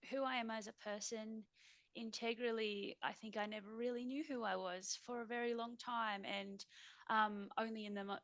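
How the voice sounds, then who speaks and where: A woman's voice: mid-range voice, fairly bright tone, no room sound. An Australian woman, a guest on a remote video call, telling her personal story in a reflective, earnest way and laughing easily. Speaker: interview guest.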